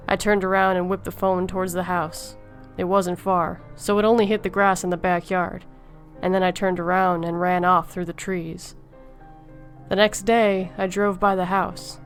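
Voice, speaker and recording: A woman with a lowish voice reads a first-person horror story in a calm, tired deadpan. Soft music plays faintly behind her. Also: normal speed. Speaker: story narrator.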